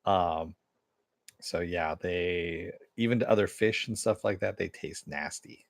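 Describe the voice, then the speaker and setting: A middle-aged TV show reviewer with a lowish, vocal-fry voice casually recaps an episode and reads chat comments aloud, speaking a little slowly. He rambles with many "uh"s and frequent chuckles, and the sound is dry and close.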